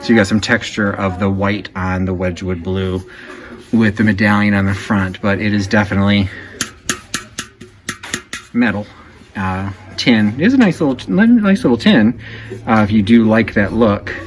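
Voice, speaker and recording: A man's voice: fairly low pitch, normal speed, long pauses. A man giving conversational walk-through commentary while browsing an antique shop, explaining items with frequent fillers. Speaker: antique reseller vlogger. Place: antique shop in a Victorian house.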